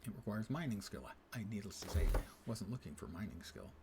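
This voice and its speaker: A man's voice: on the low side, big pitch swings, fairly quick, background noise. A man streaming a game live, talking wryly to himself and reading quest text aloud. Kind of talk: casual live gameplay commentary.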